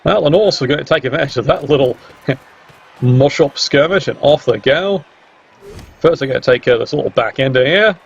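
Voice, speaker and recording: A man's voice: mid-range voice, a little fast, creaky, husky, soft background music. A man commentating a video game match in a sarcastic, teasing way. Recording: dull lo-fi mic with faint hiss.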